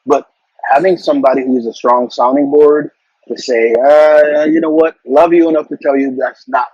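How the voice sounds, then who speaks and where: Middle-aged male executive, husky, earnest, casual interview guest; dull lo-fi dry audio. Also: fairly high pitch, fairly even intonation, moderate pace, a little mellow, no echo. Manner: earnest, advice-giving, with frequent repeated words. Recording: dull, lo-fi sound.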